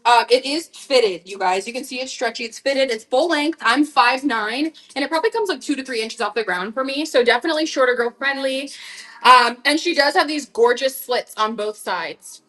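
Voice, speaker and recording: A young woman selling vintage clothes on a live stream in casual, slang-heavy chat that swings from hushed asides to loud outbursts. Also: sits high, moderate pace.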